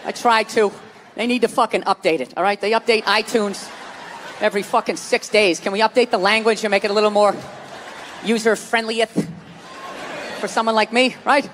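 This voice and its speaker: A man doing a stand-up comedy rant with profane, exasperated delivery and bursts of shouting, on a live stage in front of a loud audience. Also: high-pitched, fairly even intonation, quick pace, in a large hall, a little hiss or hum.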